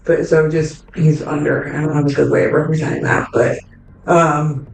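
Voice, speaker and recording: A woman's voice: low voice, flat delivery, moderate pace, creaky, echoey room, distant mic, soft background music, low-quality recording. A woman narrating a tabletop game as game master, casual and full of fillers, swearing freely.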